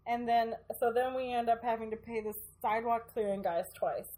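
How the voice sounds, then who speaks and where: A woman's voice: fairly high pitch, fairly even intonation, brisk, darkish tone. A woman in casual podcast chat, teasing and swearing freely. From Canada.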